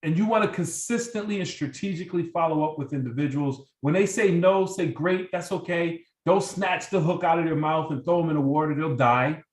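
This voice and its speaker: A man's voice: a little high, brisk, hardly any pauses, reverberant, recorded from a distance, rough recording. A man leading a sales team training, coaching with energy and acting out sample phone calls. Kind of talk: motivational training talk.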